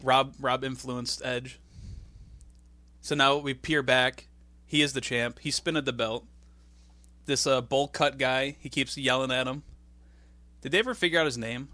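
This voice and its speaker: A man's voice: mid-range voice, steady tone, unhurried, long pauses, sharp tone, no room sound. A man co-hosting a casual comedy podcast, chatting about a wrestling show and acting out scenes with silly voices. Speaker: podcast co-host. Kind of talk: casual comedic recap chat.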